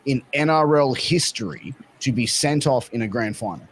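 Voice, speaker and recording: A man's voice: medium pitch, lively intonation, normal speed, slight background noise. A man hosting a podcast, chatting casually and rambling through stories with lots of restarts and fillers. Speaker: podcast host. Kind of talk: casual chat.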